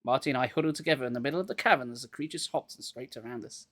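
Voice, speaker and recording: A man's voice: medium pitch, very fast, fairly bright tone, no room sound. A man getting over a cold, reading a children's horror book aloud live and dropping wry jokes between passages.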